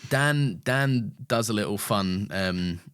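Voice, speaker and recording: A man's voice: lowish voice, expressive, slow pace, fairly bright tone, clear, resonant tone, no room sound, clean studio sound. A man co-hosting a podcast, recapping an episode and swearing freely. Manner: swears often, laughs a lot. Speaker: podcast co-host. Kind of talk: casual chat. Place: podcast room.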